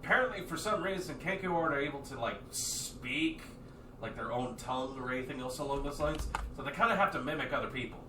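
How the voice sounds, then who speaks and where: A man's voice: mid-range voice, expressive, a little fast, echoey room, far from the mic, noisy background. A man narrating a tabletop game as game master, rambling with many fillers and restarts.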